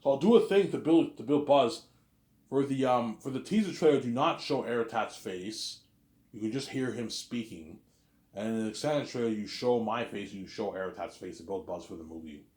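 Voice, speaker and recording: A man talks alone to his camera in a loose, rambling monologue. He brags and repeats himself, swearing freely as he goes. His voice sits at an average pitch and carries a roomy echo. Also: animated, normal speed, darkish tone. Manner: boastful, repetitive, swears often. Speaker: vlogger. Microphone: camera he sets up himself.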